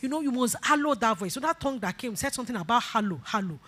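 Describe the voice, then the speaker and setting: A woman's voice: a little high, lively intonation, fast talker, a bit bright. A woman pastor preaching a sermon, leading call-and-response, repeating phrases and breaking into emphatic bursts. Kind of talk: sermon exhortation.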